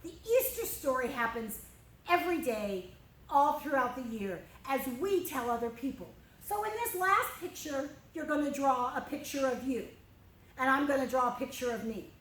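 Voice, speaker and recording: A woman's voice: sits high, animated, moderate pace, a bit bright, reverberant, poor audio. A woman teaching a children's church lesson, telling a Bible story expressively and speaking directly to the kids while she draws. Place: church room.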